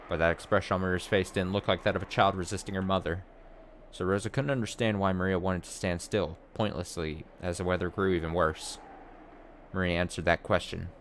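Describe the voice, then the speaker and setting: A man's voice: deep voice, a little hiss or hum. A man streamer reading a visual novel aloud and breaking off to react and joke. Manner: reads narration, then breaks off to react and joke. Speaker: let's play streamer. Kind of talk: reading a game aloud with commentary.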